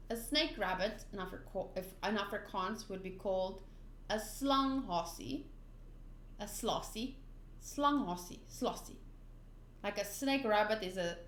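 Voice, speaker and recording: A woman reading a manga aloud in a casual, playful, giggly way. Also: medium pitch. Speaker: manga reader. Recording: roomy echo.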